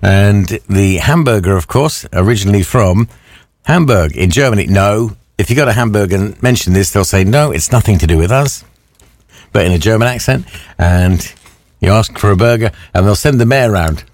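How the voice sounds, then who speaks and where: Male radio host, low-pitched, playful punning patter, dry booth sound. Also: a little fast, dry recording. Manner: jokey, punning, playful asides. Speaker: radio presenter. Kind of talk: chatty radio link.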